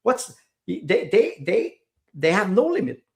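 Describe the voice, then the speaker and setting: Gravelly-voiced guy on a podcast, lots of uh and restarts, non-native english. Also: sits high, sing-song, slow, a little mellow. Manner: hesitant, many fillers and repeated words. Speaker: podcast guest. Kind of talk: casual interview conversation.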